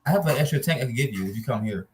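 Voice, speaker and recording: A man's voice: medium pitch, expressive, racing, a little hiss or hum. A man chatting casually on a podcast, blunt and emphatic, swearing freely. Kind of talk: casual chat.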